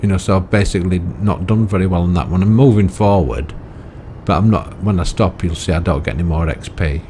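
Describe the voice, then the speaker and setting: A man's voice: sits low, brisk, mellow, a little hiss or hum. A man giving rambling, chatty gameplay commentary, often ending remarks with tag questions. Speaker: gaming video creator.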